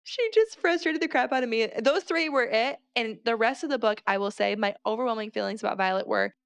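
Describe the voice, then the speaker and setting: A woman co-hosting a podcast, talking casually and with animated, exasperated asides. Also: fairly high pitch, brisk, gravelly, smooth, dry recording. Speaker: podcast co-host. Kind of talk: casual book discussion.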